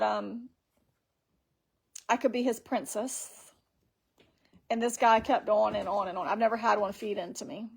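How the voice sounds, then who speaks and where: A woman's voice: on the high side, vocal fry. A woman hosting a casual live stream on her phone, rambling through her story and reading viewer comments aloud.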